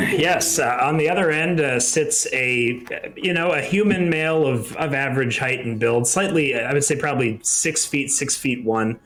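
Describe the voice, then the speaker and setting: Halting man describing his character. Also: mid-range voice, fairly bright tone, soft background music. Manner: halting, many fillers while describing. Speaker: tabletop game player.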